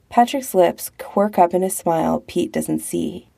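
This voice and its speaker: A woman narrating a romance story as an audiobook in a calm, measured way. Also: lowish voice, vocal fry.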